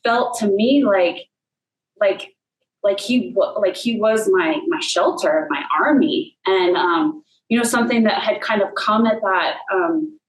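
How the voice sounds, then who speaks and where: A woman's voice: mid-range voice, a little slow, reverberant, rough recording. A woman telling a personal faith story in a casual way, full of fillers and "like". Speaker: guest.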